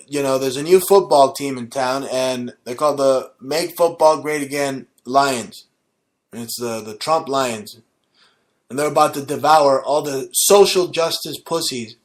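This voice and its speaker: Profane rambling male show host. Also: medium pitch. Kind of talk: ranting comedic monologue.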